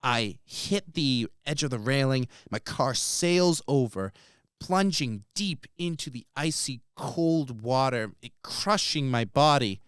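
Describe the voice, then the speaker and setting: A man co-hosting a podcast, telling a story in a casual, animated way with plenty of "um" and "like". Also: medium pitch, takes it slowly, clean tone, dry recording, studio quality. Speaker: podcast co-host.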